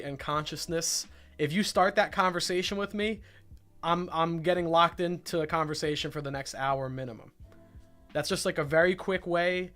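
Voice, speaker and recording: A young man hosts a casual livestream, talking in a slightly high voice. He rants and swears freely, often repeating the same phrase for emphasis. Faint music plays under his talk. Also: a bit bright. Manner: ranting, profane, repeats himself. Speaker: livestream host.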